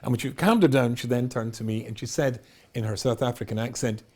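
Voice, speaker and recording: A man's voice: medium pitch, fairly quick, mellow. A middle-aged man, a rabbi, giving a humorous storytelling talk in a wry, self-mocking way, often laughing at his own jokes.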